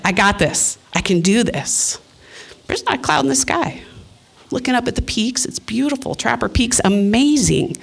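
Middle-aged woman, storytelling, animated, acts out voices. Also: lowish voice, gravelly. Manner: animated, acts out her own thoughts and voices. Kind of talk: personal storytelling.

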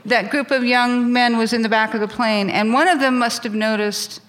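A woman's voice: on the high side, fairly even intonation, moderate pace, fairly bright tone. A middle-aged woman from California telling a candid personal story on stage, self-mocking and laughing at herself.

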